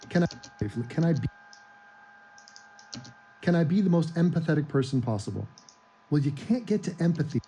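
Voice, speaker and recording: A man's voice: on the high side, animated, brisk, long pauses, dark tone, slightly rough, rough recording. A man chatting casually, rambling with stammered restarts as he riffs on words. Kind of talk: casual stream chat.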